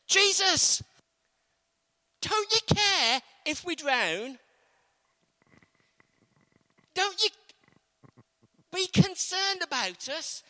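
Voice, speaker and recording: A man acting out frightened disciples pleading loudly for help in a storm. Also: very high-pitched, in a large hall, pitched above the performer's own voice, exaggerated voice. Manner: desperate pleading shout. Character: terrified fishermen disciples in a storm, adult men.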